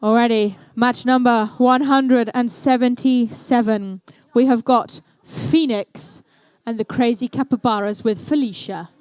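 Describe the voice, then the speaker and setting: High-voiced playful New woman commentator. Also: steady tone, a little slow, few pauses, darkish tone, clean tone, no room sound. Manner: playful, chatty, upbeat. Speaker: event commentator. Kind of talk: live competition commentary. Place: indoor competition venue.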